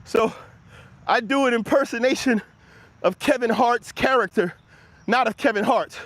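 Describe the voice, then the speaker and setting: A motivational livestream host with a very high-pitched, slightly bright voice does a live walk-and-talk outdoors on an early-morning walk, holding the camera as he goes. A little out of breath, he speaks at normal speed, cheering on his viewers and replying to their comments. The sound is close and dry, with no echo.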